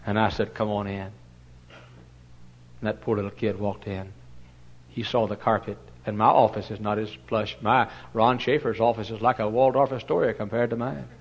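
An older man preaching a sermon, swinging from loud impassioned cries to hushed, tender storytelling. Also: lowish voice, fairly even intonation, normal speed, husky. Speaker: pastor. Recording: dull lo-fi sermon recording.

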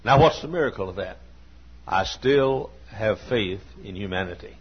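In a church sanctuary, a pastor in his sixties preaches a sermon, telling personal stories in a folksy, earnest style with frequent restarts and coughs. His lowish voice is expressive and slightly rough at a normal speed, captured in a dull lo-fi recording.

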